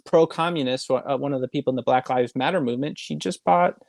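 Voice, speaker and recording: A man's voice: medium pitch, quick pace, gravelly, darkish tone, dry recording, clean studio sound. A man hosting a podcast, giving opinions in casual chat with many fillers. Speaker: podcast host.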